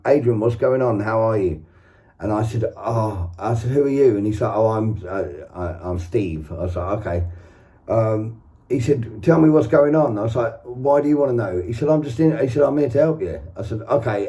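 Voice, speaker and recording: A man's voice: mid-range voice, mellow. A man talking casually in a rambling, earnest way, with many fillers and restarts, in his own video diary. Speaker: recovery vlogger. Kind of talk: casual spoken vlog.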